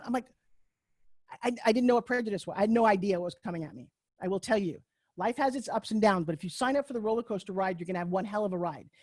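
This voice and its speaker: A woman's voice: mid-range voice, quick pace, no echo. A middle-aged woman with a Long Island New York accent, telling her life story on a video call in a brash, candid, self-mocking way and swearing freely. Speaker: speaker giving a talk on a video call. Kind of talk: personal storytelling talk. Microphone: computer mic on a video call.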